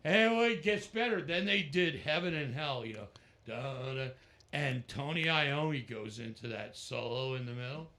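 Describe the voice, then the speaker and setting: Speaking at normal speed and medium pitch, with slight background noise, a middle-aged man recounts stories as a guest musician in an informal interview. He's animated throughout, acting out what other people said in their voices.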